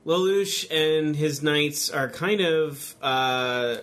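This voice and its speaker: Animated man retelling a plot, higher voice. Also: very slow. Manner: animated storyteller, laughs at the plot. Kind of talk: casual anime discussion.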